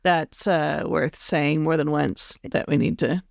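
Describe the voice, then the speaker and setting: A woman hosting a casual conversation, chatty and quick to finish her guest's sentences. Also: low voice, fairly even intonation, creaky, dry recording, clean studio sound. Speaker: podcast host.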